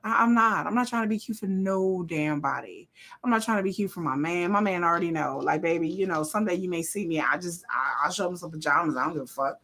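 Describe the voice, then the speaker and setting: A woman, hosting a live watch party with blunt, profane, animated casual commentary. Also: fairly low pitch, fast talker. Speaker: live-stream host.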